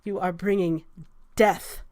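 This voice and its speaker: A stern elf midwife, cold and reproachful, hisses her accusations in a tabletop role-play, put on by a woman running the game. She speaks with a mid-pitched female voice. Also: steady tone, slow, no room sound, clean studio sound, natural voice. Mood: cold scolding. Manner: cold, scolding, hushed.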